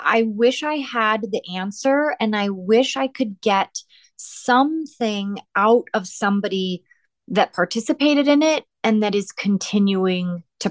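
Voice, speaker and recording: A woman's voice: medium pitch, no room sound. American woman guest, nurse, thoughtful, rambles a bit, dry close sound. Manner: thoughtful, talks in long winding sentences with small hesitations. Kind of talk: conversational interview.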